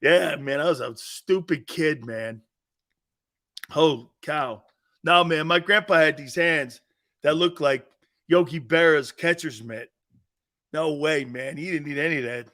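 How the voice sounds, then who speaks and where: A man's voice: fairly high pitch, a little slow, bright, forceful tone. A man hosting a sports talk show, telling stories in a boisterous, casual way, laughing often and swearing freely. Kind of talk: casual chat and storytelling.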